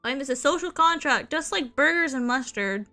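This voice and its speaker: Giggly high-voiced woman streamer. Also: animated, moderate pace, sharp tone, faint music behind. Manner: giggly, rambling, playful whining. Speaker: VTuber streamer. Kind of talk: casual live-stream chat.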